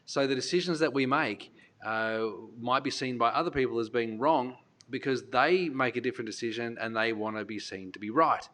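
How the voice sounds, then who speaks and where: A man's voice: medium pitch, moderate pace, fairly bright tone. Earnest male podcast host. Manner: earnest, reflective, restarts sentences. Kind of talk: podcast interview.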